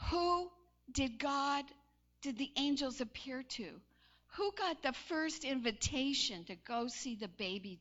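A woman preaching a sermon in a conversational, storytelling way, breaking into animated emphasis. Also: sits high, dull audio.

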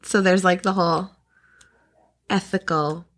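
A woman's voice: fairly low pitch, fairly even intonation, unhurried, fairly bright tone. A young woman co-hosting a podcast who laughs often and hedges as she thinks aloud. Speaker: podcast co-host. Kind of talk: casual chat.

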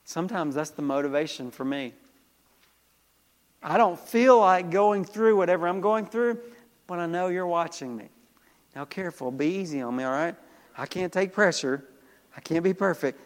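A man's voice: sits high, expressive, moderate pace, pauses often, in a large hall. A male pastor preaching a sermon with emphatic delivery, calling out to the congregation for responses.

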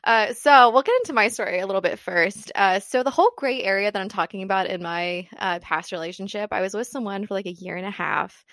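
A woman's voice: medium pitch, fast, few pauses, a bit bright, dry recording. Young woman podcast host, chatty, swears a lot, dry close sound. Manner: candid storytelling with frequent swearing. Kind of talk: casual chat.

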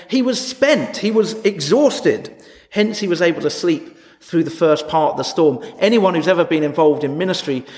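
A man preaching a sermon in a conversational way, often asking his listeners rhetorical questions. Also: fairly high pitch. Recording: echoey hall.

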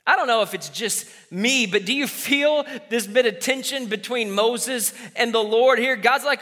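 A man's voice: high-pitched, measured pace, pushed and bright. A man in his thirties preaching a sermon, exhorting his listeners and acting out the voices in the stories he tells. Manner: exhorting, call-and-response, acts out quoted voices. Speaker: pastor. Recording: reverberant hall.

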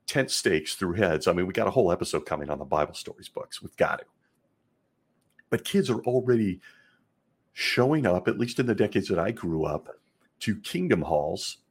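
Sarcastic man with a husky, low voice. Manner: sarcastic, laughing often. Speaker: podcast host. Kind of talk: sarcastic podcast commentary.

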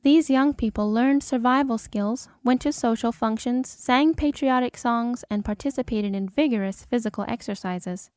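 A woman giving dramatic, measured scripted narration of an audiobook. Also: fairly high pitch, a little mellow, no echo, studio quality. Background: cinematic music score.

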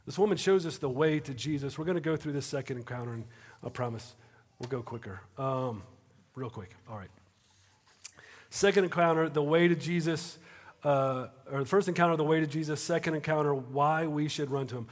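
A man preaching a sermon in a conversational way, moving between hushed moments and animated bursts. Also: fairly high pitch, brisk. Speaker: pastor. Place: auditorium. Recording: reverberant auditorium.

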